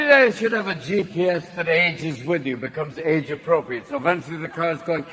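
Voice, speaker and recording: A man's voice: on the high side, expressive, moderate pace, few pauses, background noise. A man in his sixties doing stand-up comedy, manic and swearing. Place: comedy stage with audience. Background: audience laughter.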